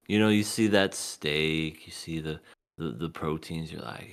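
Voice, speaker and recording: A man's voice: rumbling low, measured pace. A man co-hosting a podcast in casual chat, joking and telling stories. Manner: joking, animated storytelling with laughs. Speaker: podcast co-host.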